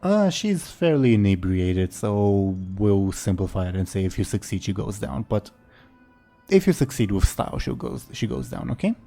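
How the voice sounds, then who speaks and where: An easygoing man running a tabletop game, with a low, mellow voice. He narrates loosely, with frequent ums, and faint music plays behind him. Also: big pitch swings, moderate pace, gravelly. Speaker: game master.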